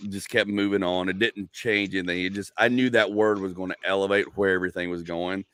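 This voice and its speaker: A man's voice: low-pitched, fairly quick, smooth, no room sound, clean studio sound. A middle-aged man, a comedian hosting a casual chat, telling stories and acting out the people in them. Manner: animated, acts out voices in anecdotes, laughs loudly. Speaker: comedian and podcast host.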